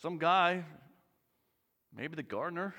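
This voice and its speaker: A man preaching a sermon, slow and deliberate, sometimes dropping to near-whispers for emphasis. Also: on the high side, expressive, pushed and bright, long reverb tail. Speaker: pastor.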